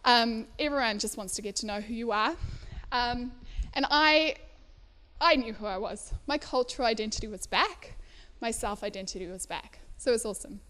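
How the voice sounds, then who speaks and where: Brief: woman in her 30s from South Africa, speaking at a live event, chatty with frequent laughs and fillers, voice sitting on the higher side. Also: moderate pace, sharp tone. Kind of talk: personal talk to a live audience. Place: indoor event venue.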